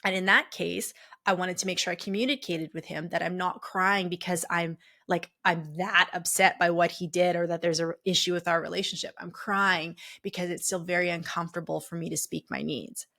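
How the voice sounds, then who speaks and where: A woman's voice: on the low side, fairly even intonation, fairly quick, creaky, bright, forceful tone. A woman podcast host and coach telling a personal story in a candid, chatty way, full of fillers and restarts.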